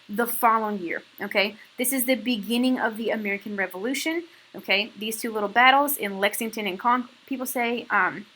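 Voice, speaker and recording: A woman's voice: on the high side, bright, forceful tone, rough recording. A woman teaching a history lesson in a casual, slangy way, often checking in with "okay?". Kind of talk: recorded classroom lecture.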